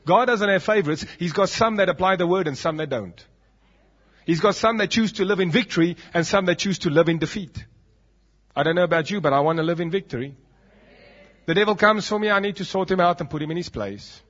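South African male pastor, husky and fairly high, emphatic sermon delivery, lo-fi sound. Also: a little fast, fairly bright tone. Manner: emphatic preaching with dramatic drops. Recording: dull lo-fi recording.

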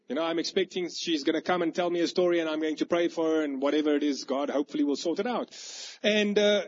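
A man, preaching a sermon with animated, vivid storytelling. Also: high voice. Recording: dull lo-fi recording.

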